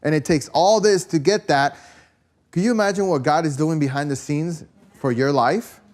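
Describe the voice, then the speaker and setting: Man, preacher, slightly high voice, rambling conversational sermon, rhetorical questions. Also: normal speed, darkish tone. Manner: rambling storytelling, peppered with "you know" and "right?".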